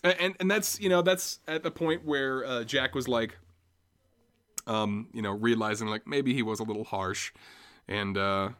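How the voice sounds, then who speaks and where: A man co-hosting a podcast, recapping a movie in a loose, animated way with lots of fillers. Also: mid-range voice, moderate pace. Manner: animated retelling full of fillers and restarts. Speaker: podcast co-host. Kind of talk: casual movie discussion.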